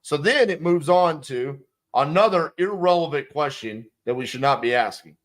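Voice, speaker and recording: A man's voice: a little high, animated, normal speed. A man coaching sales who breaks down a calling script bluntly and emphatically, with some profanity. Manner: acts out both sides of phone calls. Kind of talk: instructional commentary on a sales script.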